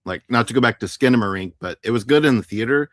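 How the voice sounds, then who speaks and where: Woman guest, author, very deep for a woman, dry close sound, wry and laughing. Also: no echo. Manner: wry, laughs often, quick asides. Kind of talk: casual chat.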